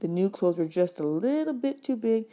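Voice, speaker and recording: A woman, a teacher, reading a chapter book aloud in a steady storytelling manner. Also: medium pitch, normal speed. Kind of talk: audiobook read-aloud.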